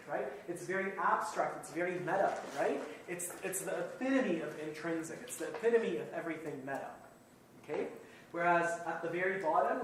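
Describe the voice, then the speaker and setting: A man lecturing in a classroom, set a little high for a male voice, picked up from a distance in a very echoey room with faint room noise underneath. He explains patiently, rephrases as he goes and keeps asking "okay?" to check in with his students. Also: fairly bright tone. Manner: repeats and rephrases points while thinking aloud. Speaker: university lecturer.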